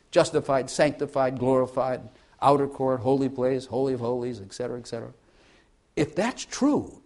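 A man preaching a sermon in an earnest, conversational way, asking his listeners questions and often repeating and restarting his phrases. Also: medium pitch. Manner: repeats and restarts phrases, varies volume widely.

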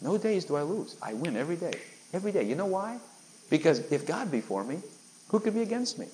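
A man's voice: a little high, very animated, quick pace, mellow, a little hiss or hum, poor audio. A man preaching a sermon, emphatic and full of rhetorical questions aimed at his listeners.

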